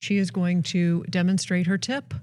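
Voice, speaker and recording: A woman's voice: on the low side, flat delivery, normal speed, darkish tone, smooth. A woman hosting a podcast, chatting casually in an upbeat, enthusiastic way. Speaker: podcast host and dentist.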